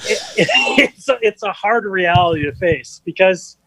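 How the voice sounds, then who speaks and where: A man guesting on a podcast, talking in halting, self-deprecating casual chat, often repeating words. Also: sits high, huge pitch swings, bright, forceful tone, rough recording.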